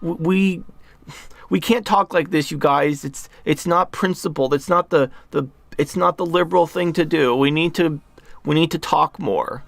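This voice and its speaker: Brief: a man playing a timid, preachy man, high, pleading and stammering. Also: normal speed, vocal fry, no room sound. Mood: whiny. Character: whiny, timid man, a preachy political moderate.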